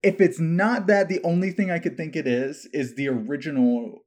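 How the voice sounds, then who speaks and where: A man's voice: fairly high pitch, steady tone, moderate pace, a little mellow. Sarcastic man explaining things. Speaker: podcast co-host. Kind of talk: casual chat.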